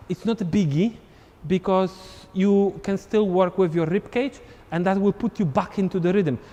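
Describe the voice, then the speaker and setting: A man's voice: sits high, a little mellow, big-room sound, a little hiss or hum. A man teaching a live online dance class, counting beats and scatting the steps aloud as he demonstrates. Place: dance studio.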